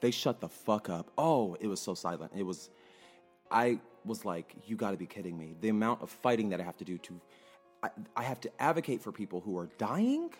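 Man, low voice, very lively pitch, casual exasperated storytelling, swears, faint music behind. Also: normal speed, slightly rough. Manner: animated and exasperated, swears freely. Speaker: research clinic worker telling a story.

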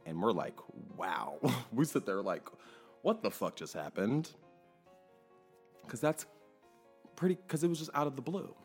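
A man's voice: medium pitch, measured pace, pauses often, husky, soft background music. A man telling a story in a casual, emphatic monologue, now and then cursing. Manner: animated, emphatic, swears freely. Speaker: clinic worker telling a story.

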